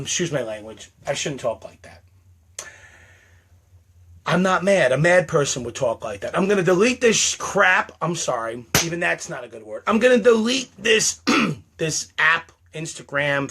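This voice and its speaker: Ranting to camera for laughs, a male comedian plays up exaggerated mock indignation and keeps repeating the same phrases. His voice is a little high with a sharp tone.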